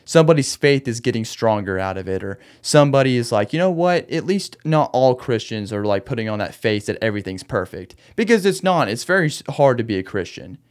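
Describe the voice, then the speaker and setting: A man's voice: medium pitch, lively intonation, brisk, hardly any pauses. A man hosting a solo late-night podcast, venting in a rambling, restless way and laughing through his anger. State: agitated, wound up. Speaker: podcast host. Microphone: podcast microphone.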